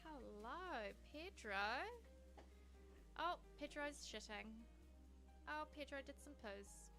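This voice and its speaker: A young woman with a New Zealand accent chats playfully through a livestream. Her voice sits high and sounds bright and crisp, bouncing across a wide range at an easy, unhurried pace. Faint music plays behind her. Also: animated. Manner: playful, chatty, talks to pets and chat. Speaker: livestream host. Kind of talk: casual gaming livestream chat.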